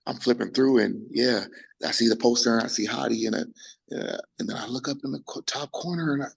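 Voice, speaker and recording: A young man, a bodybuilder, telling his story in a casual interview, animated and full of restarts, acting out quotes. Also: mid-range voice, brisk, poor audio. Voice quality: gravelly, husky. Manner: animated, acts out quotes, frequent restarts and profanity.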